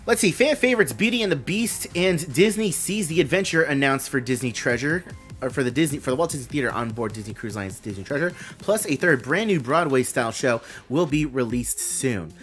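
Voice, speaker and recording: A man's voice: medium pitch, animated, fairly quick, fairly bright tone, faint music behind. Man casually reacting on a live stream. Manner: rambling, thinks aloud with fillers, reads announcements aloud.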